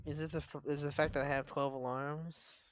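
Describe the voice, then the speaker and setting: A man's voice: on the high side, level tone, fairly quick. A young man co-hosting a podcast in casual chat, rambling with lots of filler words. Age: young adult. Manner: rambling, full of "you know" fillers. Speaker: podcast co-host.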